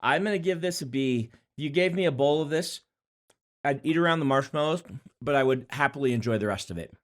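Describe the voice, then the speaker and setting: Man co-hosting a relaxed food-tasting chat. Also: fairly high pitch, fairly quick. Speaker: podcast co-host. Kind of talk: casual chat.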